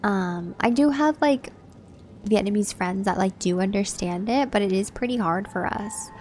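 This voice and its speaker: A woman's voice: medium pitch, moderate pace, darkish tone, slight background noise. Chatty woman streamer. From Southern California. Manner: chatty, laid-back, reads and answers chat. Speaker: livestream host. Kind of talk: casual chat with viewers.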